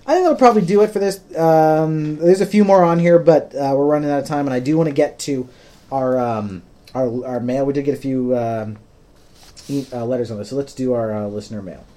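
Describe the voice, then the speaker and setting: Guy hosting a podcast, relaxed dark voice, explains stuff slowly w lots of ums. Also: medium pitch. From United States. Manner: patient, plain-spoken explaining with frequent ums. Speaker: podcast host. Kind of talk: casual explanatory podcast talk.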